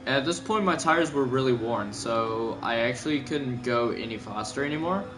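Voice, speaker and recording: Over gameplay music, a young man comments on a replay of his own race for a gaming video, sounding sleepy and yawning. His talk is casual and rambling, full of fillers and self-corrections. He has a mid-range voice at a moderate pace, with a noisy background.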